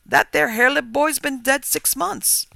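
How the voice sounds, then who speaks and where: A superstitious country farmer talks in a rustic drawl, as a man puts him on, his voice climbing high and loud as he gets worked up. The tone is bright with a gravelly edge. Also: moderate pace, no room sound, heavily acted. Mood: excited. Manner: rustic dialect, quavering and excited. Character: excitable rural male farmer, superstitious.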